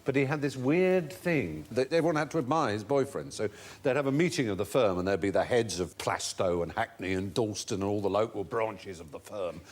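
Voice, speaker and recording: A man hosting a comedy quiz show, telling an anecdote with animated relish. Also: lowish voice, a little fast, hardly any pauses. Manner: animated storyteller, relishing the tale.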